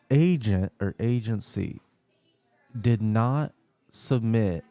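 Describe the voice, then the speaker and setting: Low gravelly man telling a story. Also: warm tone, no echo. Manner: storytelling, acts out phone calls. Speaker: podcast co-host. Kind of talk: casual chat.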